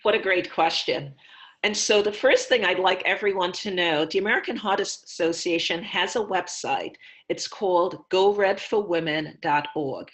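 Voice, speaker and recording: Woman, physician guest, low voice, patient teacherly explaining, video call. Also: normal speed, a bit bright. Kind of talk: explaining health advice.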